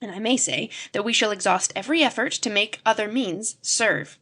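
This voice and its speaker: A woman reading the part of an elderly male professor who speaks wearily, calmly and gravely. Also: mid-range voice, moderate pace. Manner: weary, calm, grave.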